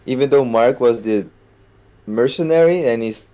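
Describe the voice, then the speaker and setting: A man with a warm, mellow voice co-hosting a podcast. He thinks aloud in casual chat, circling his point with lots of fillers. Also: mid-range voice, moderate pace. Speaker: podcast co-host.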